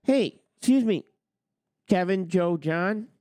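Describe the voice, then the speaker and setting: A man's voice: high-pitched, expressive, slow, a little mellow, no echo. A man hosting a trucking talk channel, ranting with heated sarcasm and swearing. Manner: heated, sarcastic, swears, mocks others in put-on quotes. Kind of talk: ranting opinion monologue.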